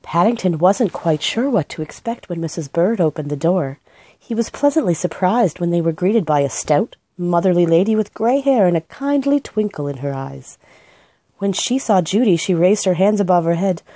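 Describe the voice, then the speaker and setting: A woman reading a children's book aloud in a gentle, expressive storytelling manner. Her voice is warm and mellow, and her delivery moves lively up and down. The recording is dry and close. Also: fairly low pitch, normal speed, no room sound. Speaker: storybook reader.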